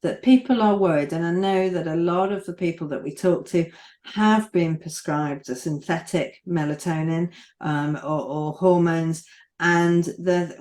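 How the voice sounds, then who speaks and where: A woman's voice: lowish voice, unhurried, darkish tone, echoey room. A woman hosting an interview, affirming her guest and steering the conversation. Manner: affirming, encouraging. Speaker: podcast host.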